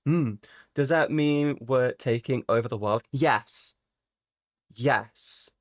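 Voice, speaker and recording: Taking her time, a woman streams live and chats loosely with her audience, teasing them playfully, cursing without restraint, and abruptly bursting into shrill, squeaky cries. The audio is studio quality without echo.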